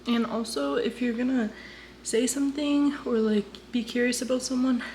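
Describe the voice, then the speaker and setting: A woman's voice: fairly high pitch, fairly even intonation, moderate pace, a little mellow, a little hiss or hum. A young woman talking to her phone camera in a casual vlog, candid and swearing freely as she moves from home to the gym. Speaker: vlogger.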